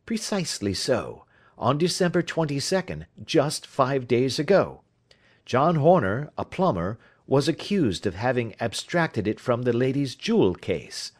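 A man's voice: medium pitch, sing-song, measured pace, voice pushed up. A man voicing a confident male detective who explains his deductions in a precise, lecturing manner.

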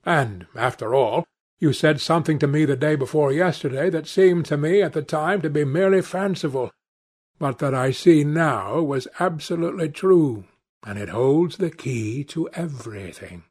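A man reading the part of a witty, cynical aristocratic gentleman who speaks in languid epigrams. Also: a little high, normal speed, slightly rough.

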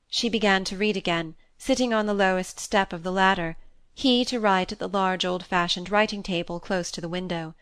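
A woman reading a classic novel aloud as an audiobook narrator, in a measured, even manner. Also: mid-range voice, smooth, dry recording.

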